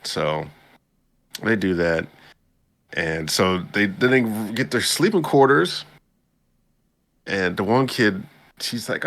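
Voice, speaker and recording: A man with a deep, gravelly voice and a bright, forceful edge recaps the plot in loose, casual chat. He keeps breaking into quick impressions of the characters. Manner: animated storytelling, acts out characters' lines in a higher voice. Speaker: podcast co-host recapping an anime.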